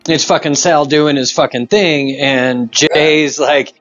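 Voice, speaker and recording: Man, band member, rambling casual chat, slightly high, muffled audio. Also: fairly even intonation, slow, hardly any pauses, fairly bright tone, faint music behind. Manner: rambling with many fillers.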